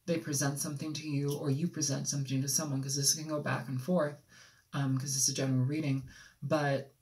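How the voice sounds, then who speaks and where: A tarot reader from Los Angeles giving an intuitive reading, talking in a rambling, halting way with frequent ums, as if channeling impressions as they come. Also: medium pitch, a little mellow. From Los Angeles, United States.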